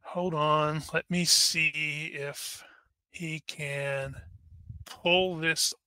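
A man's voice: fairly high pitch, fairly even intonation, drawn-out words, bright, forceful tone, clear, resonant tone, no room sound. A man running a tabletop game as game master, thinking aloud with wry asides.

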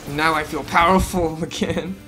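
Foul-mouthed excitable woman gamer. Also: deep voice, moderate pace, faint music behind. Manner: swears constantly, excitable and frustrated; panicky and self-mocking. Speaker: gaming YouTuber. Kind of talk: gameplay commentary.

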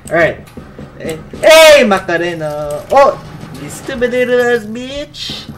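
A man's voice: high voice, measured pace, soft background music. A man playing a horror game and talking through it, swearing constantly and jumping at every scare. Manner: swearing constantly, jumpy and excitable. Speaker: player. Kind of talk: casual gaming commentary.

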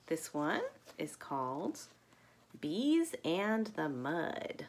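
A woman teacher reads a children's storybook aloud at a slow, careful pace. Her pitch moves a lot, and she sometimes drops to a whisper. Her voice has a soft, breathy edge. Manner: expressive, slow, dips into whispers.

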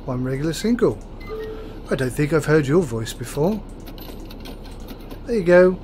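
A man's voice: on the high side, big pitch swings, a little slow, background noise. A man hosting a let's play, chatting and joking his way through a bus driving game. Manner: chatty, joking, self-deprecating. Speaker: gaming channel host.

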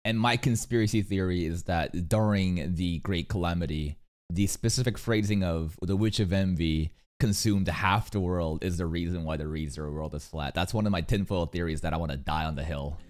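Man, low voice, casual reaction commentary, swears a lot, rambling. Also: normal speed. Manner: animated, swearing, rambling with many fillers. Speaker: reaction streamer.

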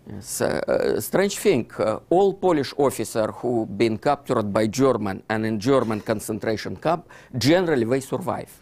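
A man's voice: mid-range voice, lively intonation, moderate pace, vocal fry, hardly any pauses, darkish tone. A man with a Russian accent, Russian as his first language, giving a lecture over slides in broken English with many "you see" fillers. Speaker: author giving a book talk. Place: lecture hall.

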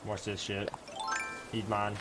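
A man's voice: on the low side, completely flat delivery, slow, loud music behind the voice. A young man streaming a video game, talking to himself with casual commentary and frequent profane, frustrated outbursts.

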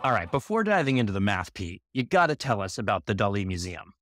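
Lively, teasing male podcast co-host. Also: on the low side, fast, faint music behind. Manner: teasing, wry. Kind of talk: scripted comedy banter.

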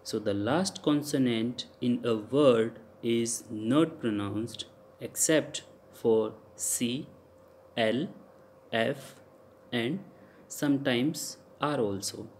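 A man with an Indian English accent giving a recorded lecture, spelling out letters and repeating example words slowly for students. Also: medium pitch, a little mellow, a little hiss or hum. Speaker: teacher. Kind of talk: recorded lecture on French pronunciation.

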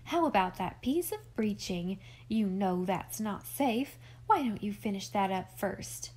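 A woman's voice: medium pitch, lively intonation, a little slow, darkish tone, rough recording. A woman reading a firm, practical young cousin. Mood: coaxing. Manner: firm, coaxing.

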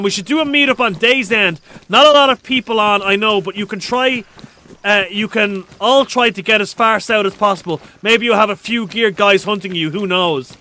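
A man live-streaming a survival game, talking fast and loose, swearing, joking and reading chat messages aloud with high energy. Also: sharp tone, slight background noise.

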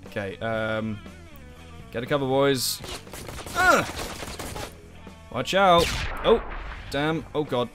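A man's voice: medium pitch, expressive, slow, long pauses, music in the background. A young man giving sweary, sarcastic commentary while playing a game as a let's play host. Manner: sweary, sarcastic, exasperated outbursts. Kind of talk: gameplay commentary.

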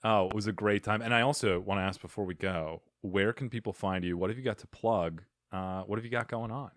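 A man's voice: lowish voice, fairly quick, no echo. A man hosting a comedy podcast in casual chat, effusive and playful. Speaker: podcast host.

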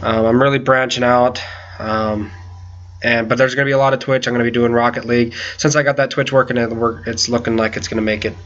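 A man giving casual gameplay commentary, frustrated and swearing loudly as he plays, while feeling unwell with a headache. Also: medium pitch, fairly even intonation, quick pace, dull audio. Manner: frustrated, swearing, loud outbursts. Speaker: gaming video creator.

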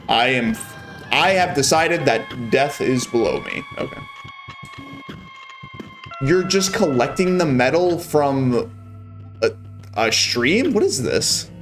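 A man's voice: medium pitch, huge pitch swings, slow, pauses often, soft background music. A young man casually commenting on gameplay on a live stream, wry and a bit exasperated.

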